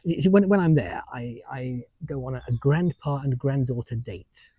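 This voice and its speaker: Lively, husky older British man. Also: medium pitch, normal speed, no echo, highs cut off. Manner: chatty storyteller with frequent restarts and chuckles. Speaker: podcast co-host. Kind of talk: casual chat.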